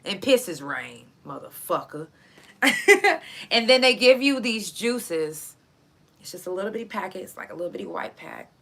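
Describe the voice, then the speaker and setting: A woman's voice: medium pitch, very animated, moderate pace, gravelly, fairly bright tone. A woman hosting a live chat show, telling stories in a loose, profane way, laughing often and stretching words out for emphasis. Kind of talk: casual storytelling to a live audience.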